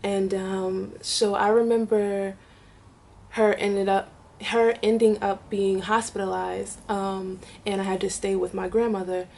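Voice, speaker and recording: A young woman vlogger telling a personal story to camera, halting with many fillers and restarts, tearful at times. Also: medium pitch, level tone, creaky, a little mellow. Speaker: vlogger, mother.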